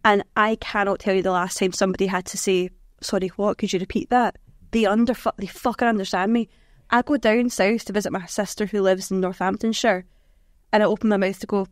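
A woman's voice: mid-range voice, fairly even intonation, brisk, no echo, clean studio sound. A woman with a mild Scottish accent in casual podcast chat, wry and sardonic, swearing now and then.

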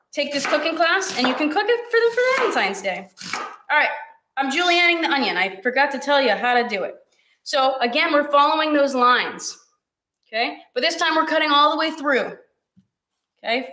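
A woman's voice: high voice, bright, forceful tone, roomy sound. A young woman hosting a live-streamed cooking class, chatty and encouraging with her viewers, teary and sniffly from cutting onions.

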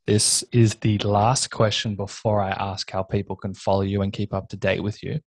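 Man with a soft Australian accent. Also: fairly low pitch, little pitch movement, moderate pace, gravelly, slightly rough, no echo. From South Africa. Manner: enthusiastic, effusive praise. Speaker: podcast host. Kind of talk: casual podcast interview.

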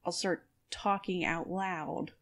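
A woman co-hosting a podcast in casual chat, teasing her friend with animated banter and quick laughs. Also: lowish voice. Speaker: podcast co-host.

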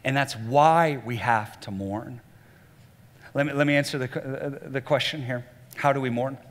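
A man, a lead pastor, preaching a sermon in a church with an animated delivery, sometimes acting out voices he quotes. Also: a little slow. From Southern US. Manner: animated, acts out quoted voices at a much higher pitch. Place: church auditorium. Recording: church hall reverb.

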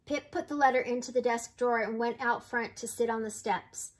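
An older woman reading a picture book aloud for children in a clear, steady, friendly way. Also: a little high, normal speed, hardly any pauses. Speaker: storyteller.

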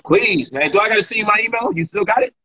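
A man in a heated casual chat over a remote call, boasting about how he handled a debate, animated and profane. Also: high voice, quick pace, breathy edge, poor audio. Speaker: debater discussing a past debate. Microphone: remote call mic.

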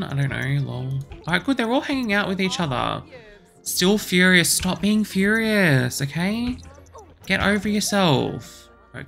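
A woman's voice: a bass voice, creaky, a bit bright. A woman giving let's play commentary, exasperated and bossing her game characters around as she talks to herself. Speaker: gaming channel host.

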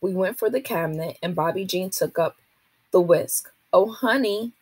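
A woman, a teacher, reading a children's novel aloud to a class in a steady, expressive way. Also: fairly low pitch, normal speed, breathy edge, no room sound.

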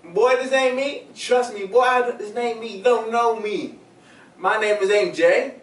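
A young man playing an excitable burglar with a squeaky voice, full of slangy exclamations in a comedy skit. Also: a little slow. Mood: sheepish. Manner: gleeful exclamations, slangy street talk. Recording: roomy and far from the mic.

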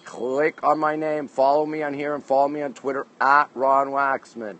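A man's medium-pitched, fairly bright voice comes through with flat delivery at a moderate pace on a low-quality recording. He is a Canadian hosting a casual rooftop livestream in the city at night, reading viewer comments into his phone and greeting people by place name.

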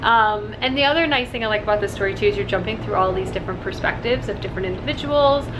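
A woman's voice: mid-range voice, fast. A young woman talking casually to her camera at home in a chatty, upbeat way, with lots of fillers. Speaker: booktube vlogger. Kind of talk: casual vlog chat. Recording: faint background noise.

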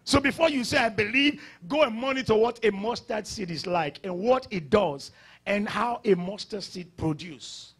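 Male pastor, sermon delivery, high husky voice, booming rises and quiet drops. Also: normal speed. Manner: preaching with sudden loud rises and drops.

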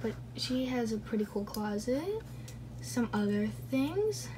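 A woman's voice: a little high, sing-song, measured pace, noisy background. A young woman giving casual commentary on a game as she plays, chatty and rambling, laughing and correcting herself as she goes. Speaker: YouTube gamer.

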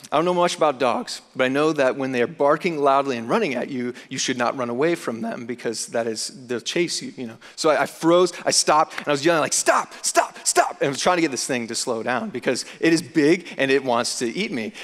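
A young man, a student chaplain, speaking from the stage in a university chapel and telling a personal story with animated energy. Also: medium pitch. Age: young adult. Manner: animated storyteller, acts out his own panic. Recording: long hall reverb.

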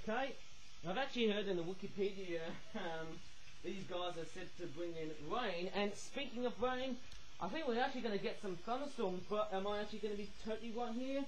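An excitable man with a high voice chats his way through a toy review. His talk rambles and circles back on itself, full of "obviously" and a questioning "eh?", and his pitch keeps jumping up when something catches his eye. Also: fairly quick, a little hiss or hum, rough recording. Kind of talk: casual toy review vlog.

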